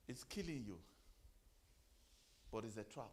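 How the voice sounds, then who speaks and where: Animated man preaching a motivational sermon. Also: medium pitch, a little slow, pauses often. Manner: rhetorical questions, repeats phrases, gives the audience commands. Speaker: motivational speaker. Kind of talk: motivational sermon to a live audience.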